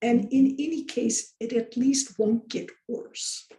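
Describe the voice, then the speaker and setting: A woman's voice: a little high, steady tone, takes it slowly, dark tone. A woman teaching a course, chatting casually on a video call in a rambling way with lots of fillers. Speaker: course instructor. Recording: roomy echo.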